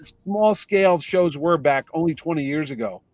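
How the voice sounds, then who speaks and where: Animated storytelling man, slightly high voice. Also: moderate pace, no echo. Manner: animated anecdote teller, acts out voices in quotes. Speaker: comic convention organizer. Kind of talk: casual storytelling.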